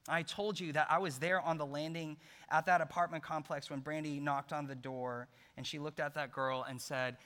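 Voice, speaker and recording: Middle-aged male pastor, bright, slightly high voice, storytelling sermon with loud-to-hushed dynamics, reverberant hall. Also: fairly even intonation, normal speed. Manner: storytelling, swinging between loud emphasis and hushed soft passages. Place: large church hall.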